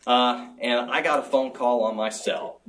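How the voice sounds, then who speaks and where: A man's voice: medium pitch, fairly even intonation, measured pace, fairly bright tone, distant mic, a little hiss or hum, low-quality recording. A middle-aged man answering as a job candidate in a formal interview, speaking earnestly and measuredly with small restarts.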